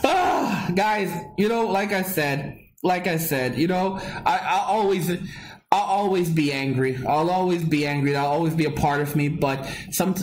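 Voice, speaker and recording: A man's voice: fairly high pitch, a little hiss or hum. A man hosting a casual live stream, rambling and repeating himself as he chats with viewers and reads their comments. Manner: rambling and repetitive, with frequent restarts and laughs. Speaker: livestream host.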